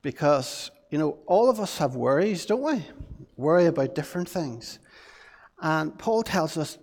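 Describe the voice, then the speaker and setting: Speaking at a measured pace, this pastor's voice is on the high side, darkish in tone, and very animated. In a large hall with long reverb, he leads a children's talk in church, playfully coaxing the kids with question after question.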